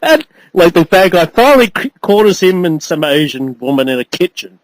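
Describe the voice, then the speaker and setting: A man's voice: high-pitched, sing-song, moderate pace, no echo. A man casually reviewing a movie with a co-host, rambling, laughing often and acting out characters. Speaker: podcast co-host. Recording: noisy amateur podcast recording.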